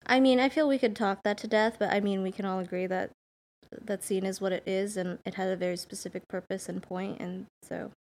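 A woman's voice: mid-range voice, fairly even intonation, fairly quick. A woman hosting a podcast, chatting casually through a TV episode recap and thinking aloud as she goes. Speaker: podcast host.

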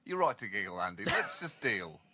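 Man, comedy co-host, bright tense voice, animated, mock-earnest. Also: on the low side, a little fast, a little hiss or hum. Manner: mock-earnest, building absurd riffs. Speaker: podcast co-host. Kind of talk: satirical comedy chat.

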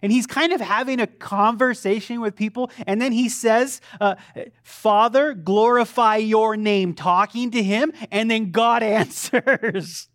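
A man's voice: very high voice, measured pace, hardly any pauses, a bit bright. Conversational male pastor preaching. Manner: conversational, self-deprecating, with frequent restarts; asks the congregation questions. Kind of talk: sermon.

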